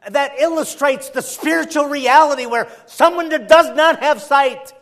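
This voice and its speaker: High-voiced impassioned male preacher. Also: normal speed, hardly any pauses. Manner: impassioned, rhetorical questions, swings between loud and soft. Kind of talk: sermon.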